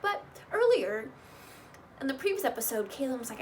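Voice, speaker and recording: A chatty young woman rambling through a gossipy recap with opinionated asides. Her voice sits a little high, and a faint hiss runs underneath. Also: big pitch swings, brisk, darkish tone, low-quality recording. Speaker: recap vlogger. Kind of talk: casual gossipy show recap.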